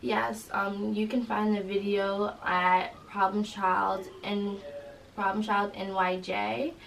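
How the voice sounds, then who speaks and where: A young woman, a college student, recounting an incident in an interview, halting and full of fillers. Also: mid-range voice, level tone, vocal fry. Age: young adult. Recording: roomy echo, distant mic, faint noise.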